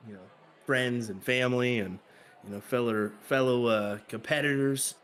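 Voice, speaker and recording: A man with a Kansas accent doing live darts commentary in an easygoing, steady way. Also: mid-range voice, normal speed. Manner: easygoing, steady, with filler words.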